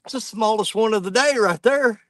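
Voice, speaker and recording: High-voiced blunt fishing host by a river. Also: male voice, a bit bright, dry recording. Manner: folksy and blunt, quick to get irate. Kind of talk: casual outdoor storytelling. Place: riverbank outdoors.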